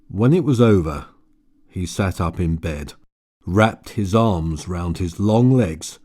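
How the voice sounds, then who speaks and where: Man, audiobook narrator, dark mellow voice, measured reading. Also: low voice. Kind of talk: scripted narration.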